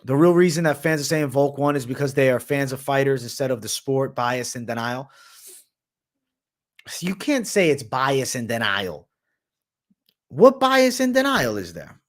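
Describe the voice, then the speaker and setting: On his casual livestream, a young man with an expressive mid-range voice and a moderate pace reads audience questions aloud. He replies with blunt, slang-heavy takes, often calling people "bro" and "man."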